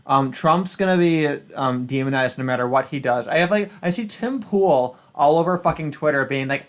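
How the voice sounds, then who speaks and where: A man hosting a stream, talking in a sarcastic, crude way that swings between loud outbursts and low mutters. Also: a little fast, few pauses. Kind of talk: casual political chat.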